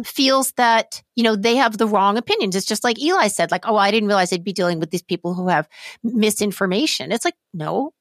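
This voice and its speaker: An earnest woman co-hosting a chatty podcast, with a fairly high voice. She rambles and circles back, open about being moved. The recording is close and dry. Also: fairly bright tone, no echo. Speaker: podcast co-host. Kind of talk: casual chat.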